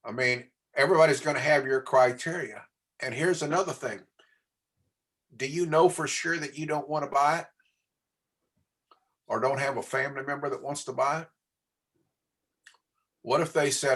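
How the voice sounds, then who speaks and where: A man's voice: medium pitch, normal speed, long pauses, fairly bright tone. Man coaching a class. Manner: coaching, asks the class questions. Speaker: real estate trainer. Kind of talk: training class talk.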